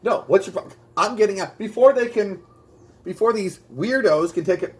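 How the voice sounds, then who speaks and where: A man running through a stand-up routine, hitting each joke with a punchy catchphrase. His voice sits a little higher than most men's. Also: expressive, moderate pace, rough recording. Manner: punchy delivery, repeats a catchphrase; bilingual. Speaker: stand-up comedian. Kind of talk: rehearsing a stand-up bit.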